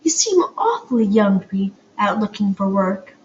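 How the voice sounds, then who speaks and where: A woman's voice: medium pitch, big pitch swings, normal speed, close to an everyday voice. A woman voicing a stern, elegant pastry-shop woman with a faint French accent, suspicious in tone, on a dull, lo-fi home recording with faint hiss. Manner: suspicious, cool, then softening.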